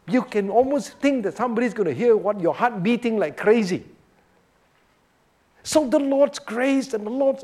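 Animated high-voiced male Bible teacher. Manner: animated, often checks in with "Right?". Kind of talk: expository sermon.

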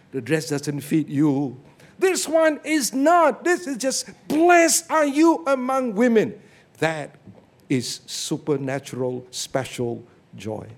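A man with a voice pitched a little high preaches on a Bible passage, telling stories with animation. He keeps checking in with his listeners, saying "okay?" and "you see."

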